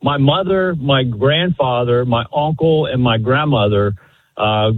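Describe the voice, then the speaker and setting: A man's voice: mid-range voice, unhurried, no echo. A man calling in to a talk radio show, telling a family story in a rambling, earnest way with many fillers. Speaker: caller. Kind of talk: phone-in storytelling. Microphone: telephone. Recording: tinny phone line.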